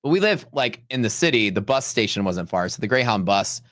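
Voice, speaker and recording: A man's voice: fairly low pitch, very animated, brisk, a bit bright, dry recording, clean studio sound. A man hosting a live trading stream, telling rambling stories in a casual, chatty way with lots of "like" and "dude". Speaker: livestream host and futures trader.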